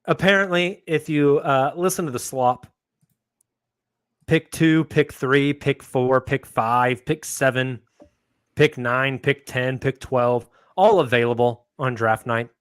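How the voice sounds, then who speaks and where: A man's voice: mid-range voice, slow pace, clear, resonant tone, no echo. Guy hosting a sports podcast panel, upbeat, dry close mic. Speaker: podcast host. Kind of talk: casual sports podcast chat.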